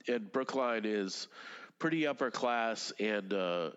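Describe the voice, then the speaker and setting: A man's voice: deep voice, fairly bright tone, in a large hall, dull audio. A man in his fifties, a native Russian speaker, rambling casually as an interview guest, with lots of fillers, restarts and swearing. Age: 50s. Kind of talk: casual conversation.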